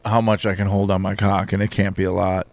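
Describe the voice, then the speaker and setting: A man guesting on a comedy podcast, trading crude jokes in a deadpan, matter-of-fact way. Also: low voice, fast, no echo. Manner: deadpan, matter-of-fact about absurd lewd claims.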